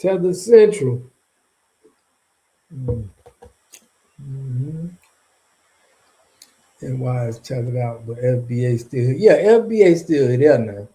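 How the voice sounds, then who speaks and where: A man's voice: mid-range voice, expressive, slow pace, long pauses, warm tone, rough recording. A man hosting a casual livestream, talking back to his chat in a loose, slangy, rambling way with frequent laughs. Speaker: streamer and channel host.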